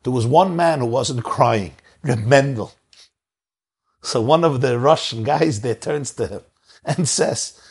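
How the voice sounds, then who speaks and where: A man preaching, telling a story earnestly with dramatic pauses. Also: mid-range voice, slightly rough. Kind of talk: sermon storytelling.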